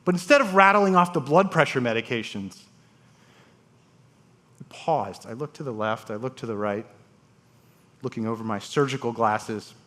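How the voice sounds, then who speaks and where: A man, a transplant surgeon, telling stories on a conference stage with dramatic pauses and voiced quotes. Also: mid-range voice, animated, pushed and bright. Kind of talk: storytelling talk on stage. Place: conference stage before an audience.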